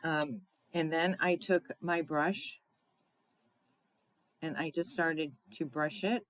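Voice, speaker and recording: Woman demoing card crafts, slow and easygoing, chatty, laughs off her mistakes. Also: low voice, fairly even intonation, a bit bright, slight background noise, rough recording. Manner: chatty, unhurried, often asks "right?"; laughs at own slips. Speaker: crafting demonstrator. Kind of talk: card-making tutorial demo.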